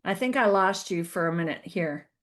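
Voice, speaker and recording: A woman hosting a podcast, asking questions and encouraging her guest with quick affirmations. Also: on the low side, lively intonation. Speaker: podcast host. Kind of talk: interview conversation.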